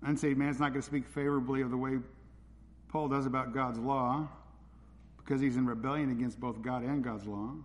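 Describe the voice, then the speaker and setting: A man in the pulpit delivers a direct, unvarnished sermon. His voice sits at an ordinary middle pitch. A long reverb trails his words through the sanctuary. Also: fairly even intonation, fairly quick. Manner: blunt, direct preaching. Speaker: pastor. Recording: reverberant hall.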